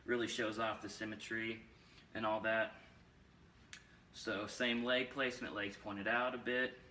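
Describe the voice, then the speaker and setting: Young man, casual coach, breathless, rambling, lowish voice, recorded from across an echoey room. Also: little pitch movement, unhurried, bright, forceful tone, slight background noise. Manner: rambling, repeats himself, many fillers. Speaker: fitness coach. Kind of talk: casual instructional vlog. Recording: roomy echo, mic far off.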